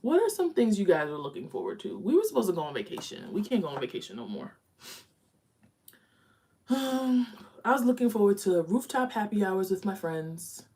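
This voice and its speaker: A woman's voice: medium pitch, very animated, normal speed, warm tone. A young woman chatting candidly during a live makeup stream at home, talking while she applies eyeshadow. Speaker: beauty vlogger. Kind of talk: casual live makeup chat.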